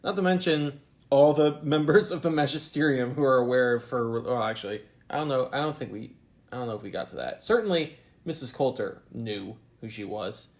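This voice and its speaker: Male TV reviewer, casual solo vlog, wry and rambling, mid-range voice. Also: medium pitch. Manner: rambling, sarcastic, self-questioning; mimics characters in quick put-on voices.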